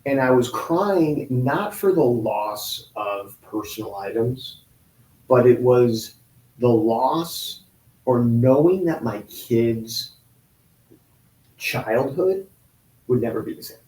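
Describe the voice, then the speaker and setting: A man in his forties telling a painful personal story in an interview, halting and restarting often. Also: medium pitch, expressive, mellow. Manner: halting, with many restarts and pauses. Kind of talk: emotional personal account in an interview. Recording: roomy echo.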